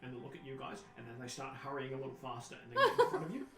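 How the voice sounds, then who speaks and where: A man from New Zealand narrating as game master, relaxed, with frequent restarts. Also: medium pitch, very fast, echoey room, music in the background, rough recording.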